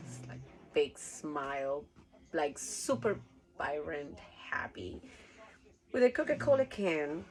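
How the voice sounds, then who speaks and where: A woman's voice: deep voice, animated, slow pace, soft background music, low-quality recording. A woman from Rica, telling a rambling story casually, laughing often and swearing freely. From Costa Rica. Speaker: cruise ship worker.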